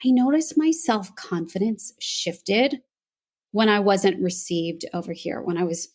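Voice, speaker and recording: A woman's voice: medium pitch, lively intonation, unhurried, a little mellow. An American woman, a voice coach, earnestly telling her story as a podcast guest. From United States. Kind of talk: podcast interview.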